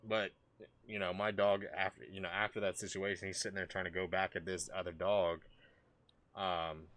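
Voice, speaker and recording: Deep-voiced guy ranting on stream, swears a lot, trips over his words, punchy tone. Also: level tone, normal speed, fairly bright tone. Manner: rambling, profane, many restarts. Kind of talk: casual commentary.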